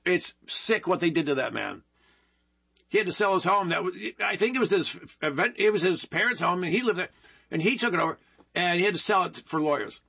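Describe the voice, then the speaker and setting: High husky guy doing a political rant show, repeats himself a lot, keeps saying folks. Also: sharp tone. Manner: emphatic and repetitive, keeps addressing listeners as folks. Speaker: political talk show host. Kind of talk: opinionated political commentary monologue.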